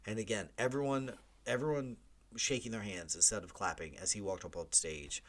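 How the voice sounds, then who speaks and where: A man's voice: lowish voice, normal speed. A man hosting a movie podcast, talking casually and animatedly, with chatty jokey asides and big swings for emphasis. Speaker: podcast host.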